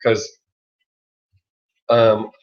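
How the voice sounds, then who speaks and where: A man's voice: fairly low pitch, monotone, drawn-out words. Rambling Southern man on a livestream. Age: middle-aged. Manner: rambling, swears freely, laughs often. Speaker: livestream host. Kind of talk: casual live chat. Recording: lo-fi dull sound.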